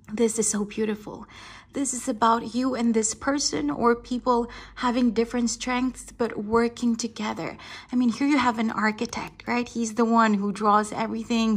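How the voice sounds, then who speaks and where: A woman giving a tarot reading straight to the viewer, reassuring and affectionate, calling them darling, asking "right?" often and laughing between points. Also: fairly high pitch. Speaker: tarot reader.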